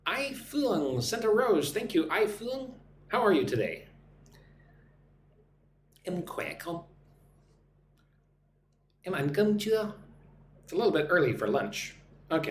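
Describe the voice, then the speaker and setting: An American man hosts a live online English lesson, greeting viewers by name and drilling phrases for them to repeat. His voice sits on the high side and has a sing-song lilt at a normal pace. The room is echoey, with a faint hum in the background.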